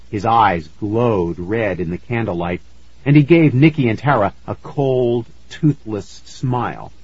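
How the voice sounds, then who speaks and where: A man narrating a spooky children's story in an expressive storytelling manner, in a slightly muffled recording. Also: fairly low pitch, husky, no room sound.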